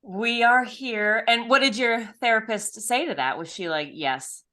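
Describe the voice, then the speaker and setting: A woman's voice: fairly high pitch, moderate pace, sharp tone. A woman co-hosting a podcast in casual chat, chatty and self-deprecating, laughing often. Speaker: podcast co-host.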